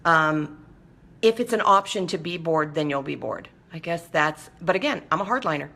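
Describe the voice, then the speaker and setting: A woman's voice: sits low, animated, moderate pace, creaky, sharp tone. A middle-aged woman hosting a live show, chatting casually with viewers and coaching them in a direct, firm way.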